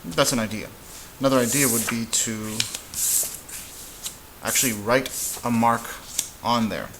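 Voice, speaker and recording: A man teaching a casual whiteboard lesson, relaxed and halting, with frequent fillers and restarts. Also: medium pitch, noisy background. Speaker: Spanish teacher.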